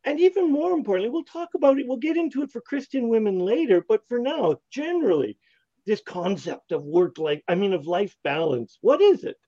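Lively high-voiced Canadian man hosting. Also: brisk, no room sound, dull audio. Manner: upbeat, excitable, joking. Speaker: host. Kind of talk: live online show hosting.

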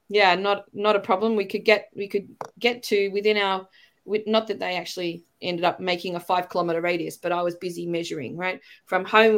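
A middle-aged woman with an Australian accent, a podcast guest talking in a rambling, chatty way with light laughs between phrases. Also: medium pitch. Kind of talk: casual interview chat.

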